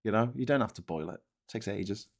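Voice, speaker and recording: A man's voice: on the low side, fast talker, gravelly. Sweary rambling man. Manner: sweary, rambling, easily sidetracked; excitable when thanking viewers. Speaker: livestream host. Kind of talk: casual rambling live chat.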